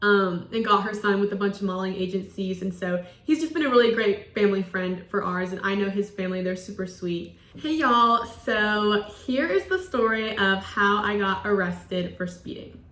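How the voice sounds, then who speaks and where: A woman's voice: mid-range voice, moderate pace, hardly any pauses, fairly bright tone. A woman in her twenties, a college student, telling a story in a chatty, casual way with lots of "like" and acted-out quotes. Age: 20s. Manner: chatty, peppered with "like", acts out quoted lines. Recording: roomy echo.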